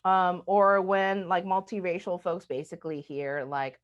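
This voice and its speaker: A woman's voice: mid-range voice, normal speed, few pauses. A woman from the United States giving a conversational talk as a diversity speaker, often asking "right?". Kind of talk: recorded webinar talk. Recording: muffled lo-fi webinar audio.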